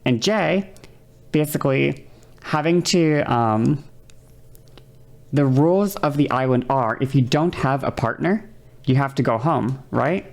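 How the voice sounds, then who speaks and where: A woman streamer chatting casually while she reacts to a video, rambling and cutting herself off, and now and then acting out quoted lines in a higher voice. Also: a little slow, vocal fry, long pauses, a little mellow. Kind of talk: casual chat.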